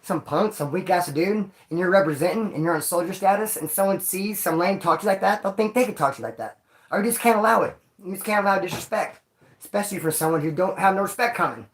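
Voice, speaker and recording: A man casually telling stories about his time in prison to camera, in a slangy, profane and animated way, often acting out other people's voices. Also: high-pitched, fast, a little hiss or hum.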